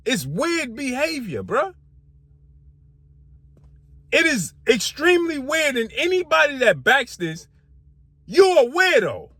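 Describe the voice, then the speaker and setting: A man's voice: very high-pitched, huge pitch swings, slow, long pauses, bright, forceful tone, dry recording. A man hosting a sports channel, firing off rhetorical questions in a heated, slangy boxing commentary rant. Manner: slangy casual speech.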